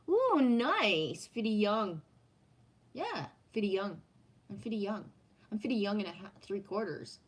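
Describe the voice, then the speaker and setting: On a live stream, a woman in her fifties chats casually, swearing freely, laughing a lot and reading viewer comments out loud. Her voice is medium-pitched and a bit bright, and the recording quality is low.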